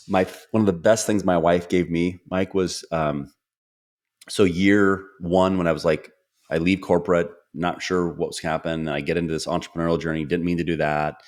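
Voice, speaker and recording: Middle-aged guy hosting a podcast, low voice, earnest, acts out little stories. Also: a little mellow. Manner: earnest, storytelling, acts out quoted dialogue. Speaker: podcast host. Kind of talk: casual conversational interview.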